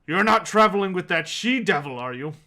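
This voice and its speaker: A stern old dwarf runesmith with a hearty, gruff way of talking, put on by a man. His tone is bright and forceful, pitched somewhat high for a dwarf and pushed a little louder. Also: expressive, a little fast, heavily acted.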